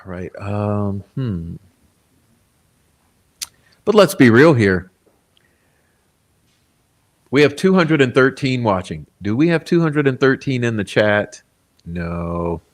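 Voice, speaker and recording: A man's voice: on the low side, very animated, slow pace, pauses often. A man hosting a casual livestream, reading viewer comments aloud in a laid-back, rambling way, chuckling often. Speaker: livestream host.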